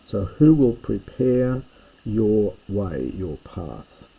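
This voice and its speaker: A man teaching a language lesson, explaining each phrase slowly and thinking aloud as he goes. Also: on the low side, very animated, gravelly, husky, muffled recording. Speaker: Greek teacher. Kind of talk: recorded lesson walkthrough.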